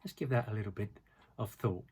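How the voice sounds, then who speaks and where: Male mindfulness teacher, low husky voice, calm and measured delivery. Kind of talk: guided mindfulness lesson.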